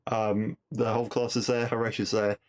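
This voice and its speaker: Podcast host: male, lower register, dry and chatty, retells episodes with asides. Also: flat delivery, moderate pace. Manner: wry, conversational, puts on voices when quoting. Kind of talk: episode recap commentary.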